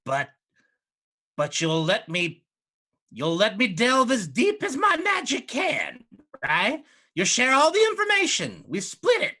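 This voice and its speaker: A man voicing a greedy old female hag with claws, in a high, drawling, wheedling voice. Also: huge pitch swings, a little slow, pushed and bright, heavily acted. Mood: eager.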